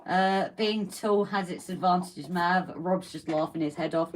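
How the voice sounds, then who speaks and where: A woman's voice: fairly low pitch, unhurried, rough recording. A woman co-hosting a casual live stream, reading out viewer comments and greeting them as darling and lovely.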